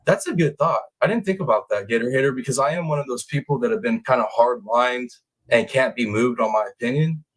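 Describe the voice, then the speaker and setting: A man's voice: medium pitch, a little fast, low-quality recording. A man hosting a true crime live stream, ranting bluntly with swearing and "y'all", then reading out viewer names. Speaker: true crime livestream host. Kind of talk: casual live-stream rant and chat reading.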